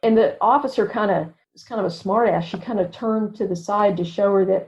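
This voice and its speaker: A woman's voice: medium pitch, fairly quick, hardly any pauses, lo-fi sound. A woman hosting a podcast conversation, retelling events at length and acting out the quoted voices as she goes. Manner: animated storytelling, acts out quoted voices. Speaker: podcast host. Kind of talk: casual conversation.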